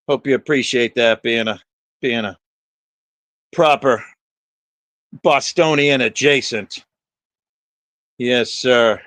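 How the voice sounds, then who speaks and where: A man's voice: a little high, fairly bright tone, smooth, no echo. A man hosting a livestream, chatting with viewers by name in a rambling, profane, jokey way. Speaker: livestream host.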